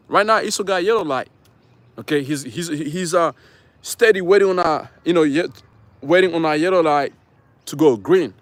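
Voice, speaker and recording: A man's voice: fairly high pitch, a bit bright, no room sound. A man preaching from scripture on a live stream, rambling and emphatic, with frequent profanity and fillers, outdoors near traffic. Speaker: street preacher.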